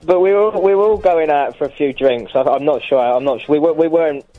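A man phoning in to a radio show, his voice coming through a tinny phone line, a little high for a man. He talks in an easygoing, hesitant way, with faint music behind. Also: fairly quick. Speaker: caller. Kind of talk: phone-in chat.

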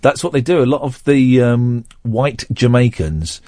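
A man's voice: mid-range voice, animated, measured pace, mellow, no room sound, studio quality. A man hosting a radio show, bantering with a co-host in teasing, mock-outraged rants. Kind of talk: casual on-air banter.

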